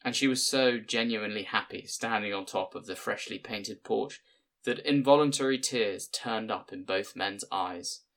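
Male audiobook narrator, low and measured, plain delivery. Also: a bit bright.

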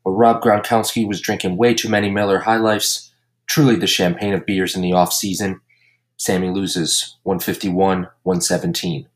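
A man hosting a casual comedy podcast, recapping his fantasy league with crude jokes and deadpan roasts. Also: sits low, moderate pace. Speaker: podcast host and league commissioner.

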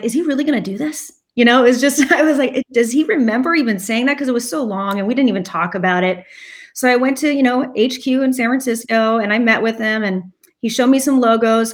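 A woman guest in a casual interview, chatty and rambling, telling a long story and laughing often. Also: medium pitch. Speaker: nonprofit co-founder and interview guest.

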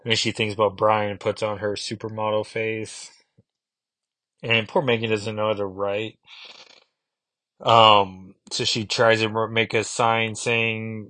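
Chatty low-voiced man reviewing comics. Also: level tone, a little slow, sharp tone, no room sound. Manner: rambling, chatty, lots of fillers. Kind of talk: casual review talk.

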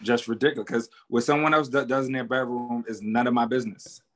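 A man's voice: medium pitch, fairly even intonation, fast talker, fairly bright tone. A man hosting an interview, speaking in a laid-back, conversational way with plenty of ums. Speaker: interviewer host. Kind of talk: casual interview.

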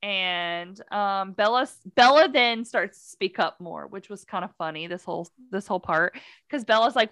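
A woman's voice: mid-range voice, normal speed, a bit bright, no echo. A woman co-hosting a podcast in casual chat, retelling a book scene with sarcastic asides and acting out the characters' lines. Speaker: podcast co-host.

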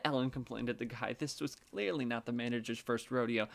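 A man's voice: medium pitch, fairly quick, gravelly, hardly any pauses. A man narrating a story casually, with wry, swearing asides.

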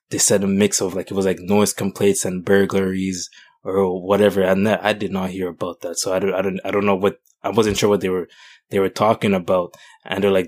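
A young man from Canada co-hosting a podcast discussion, talking in a halting way with many restarts and fillers. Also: deep voice, little pitch movement, a little mellow. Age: young adult. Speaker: podcast co-host. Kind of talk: casual discussion.

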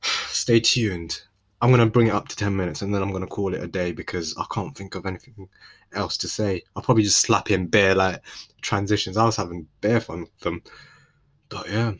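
A young man from East London hosts his podcast solo, rambling with relaxed slang and frequent restarts. His low-ish voice holds a fairly even intonation at normal speed, and he pauses often.

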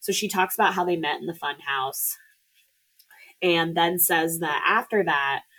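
A woman's voice: lowish voice, a little slow, a bit bright, rough recording. A woman in casual podcast chat, retelling a movie plot in a loose, chatty way with lots of filler words. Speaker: podcast co-host.

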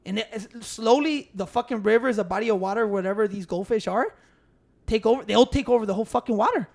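A man's voice: high voice, quick pace, creaky, darkish tone. A man, telling stories emphatically and swearing freely in a casual chat. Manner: profane, emphatic storytelling. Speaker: podcast co-host.

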